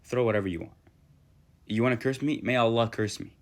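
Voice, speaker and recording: A man's voice: medium pitch, fairly even intonation, fairly quick, lightly acted. A man voicing a lovestruck young camel herder and poet.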